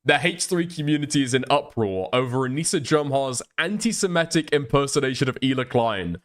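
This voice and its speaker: A man's voice: mid-range voice, expressive, brisk. A man doing casual reaction commentary on a stream, chatty and profane, often laughing as he talks.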